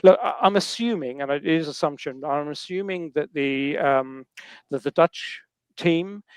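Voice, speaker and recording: A man's voice: a little high, measured pace, clear, resonant tone, dry recording. A man, a podcast guest telling a rambling story with chuckles. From New Zealand. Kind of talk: casual podcast chat.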